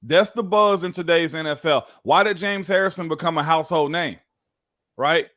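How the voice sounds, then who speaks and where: Ex-player guy hosting a sports show, kinda high voice, chill drawn-out talk, says man a lot. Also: fairly bright tone. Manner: laid-back, drawn-out, keeps saying "man". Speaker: host, former football player. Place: Tennessee.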